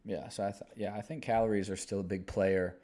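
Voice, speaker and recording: Man, 20s, low-pitched, podcast co-host, casual rambling chat, easygoing. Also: fairly even intonation, fairly quick, dark tone. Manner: laid-back, rambling, lots of fillers.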